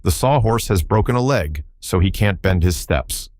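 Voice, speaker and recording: A man's voice: low voice, expressive, moderate pace, a little mellow, no echo, clean studio sound. Brief: a plain-spoken, curious boy in a storybook, read by a man. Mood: earnest.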